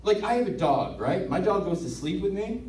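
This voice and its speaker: A male stand-up comedian doing a set, excitable and rambling, laughing at his own jokes. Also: sits high, moderate pace, slight background noise. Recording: echoey room from far off.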